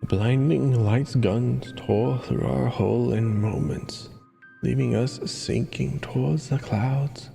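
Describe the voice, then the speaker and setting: A man's voice: vocal fry, warm tone. A man doing a tired, withered ghost. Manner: slow, heavy storybook reading with low sinking tones. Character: weary withered ghost, echo of a dead sailor. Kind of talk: reading game dialogue aloud.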